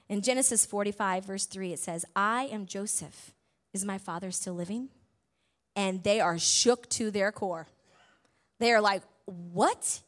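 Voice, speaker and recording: A woman preaching a sermon, retelling a story in a conversational way, full of tag questions and big swings between loud and soft. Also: medium pitch.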